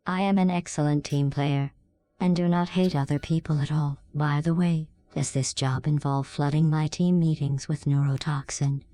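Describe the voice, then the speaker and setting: A woman voices a cold, sardonic female AI computer with a low, dark tone. Every line comes out flat and mocking. The sound is dry and close, with no room in it. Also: moderate pace, no echo, lightly acted.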